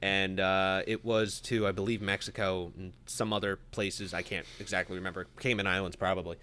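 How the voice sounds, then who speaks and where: A man's voice: low voice, brisk, smooth. A man co-hosting a podcast, telling a story in a casual, rambling way. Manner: relaxed anecdote telling with fillers, bursts into laughter. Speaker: podcast co-host.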